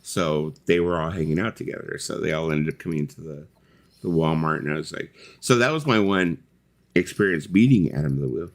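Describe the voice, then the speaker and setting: Deep-voiced man rambling in casual chat. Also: brisk. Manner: rambling storytelling with many fillers and swearing. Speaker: host.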